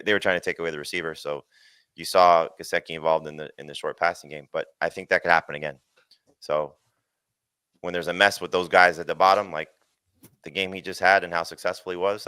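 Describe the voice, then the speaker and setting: Deep, bright-toned fast-talking male analyst. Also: steady tone, clear, resonant tone, no echo. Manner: quick, emphatic, restarts often. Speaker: fantasy football analyst. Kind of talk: casual sports chat.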